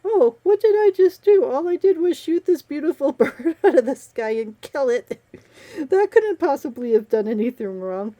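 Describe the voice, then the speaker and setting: A woman's voice: high-pitched, lively intonation, normal speed, dark tone, muffled recording, voice pushed up. A woman voicing a clueless, boastful male space traveler with mocking, sarcastic exaggeration.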